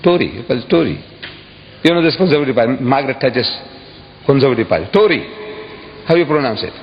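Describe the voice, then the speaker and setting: A man giving an impassioned public speech to an audience, emphatic and repeating phrases, with sudden high exclamations. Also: animated, fast talker. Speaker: public speaker addressing an audience. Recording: dull echoey hall recording with faint hiss.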